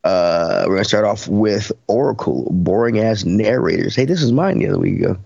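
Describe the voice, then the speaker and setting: Gravelly fast-talking joking man. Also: fairly low pitch, animated, a little mellow, no echo, dull audio. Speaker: podcast host. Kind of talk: casual chat.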